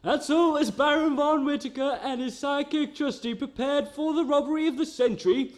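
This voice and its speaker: A man's voice: very high voice, fairly quick. A man narrating a community radio comedy in a mock-formal way. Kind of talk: comic storybook narration.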